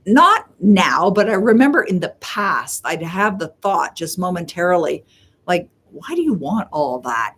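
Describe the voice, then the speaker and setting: A middle-aged woman from Canada hosting a live Q&A, telling stories in a chatty way and slowing down to stress her advice. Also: medium pitch, breathy edge. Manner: chatty storyteller, acts out quoted voices; slows and stresses key points. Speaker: host answering viewer questions. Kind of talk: live Q&A coaching talk.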